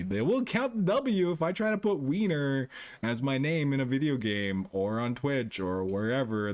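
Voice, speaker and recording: A man's voice: mid-range voice, a little mellow. A young man from Canada, a streamer chatting casually with his live chat, rambling, swearing freely and laughing often.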